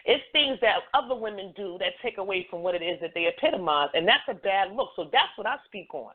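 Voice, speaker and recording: A woman hosts a call-in talk show in a casual, rambling way, circling back with the same stock phrases. Her voice sits at a middle pitch. The sound is thin and narrow, like a phone line. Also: animated, fast talker. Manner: loose, repeats phrases, frequent "you know what I'm saying".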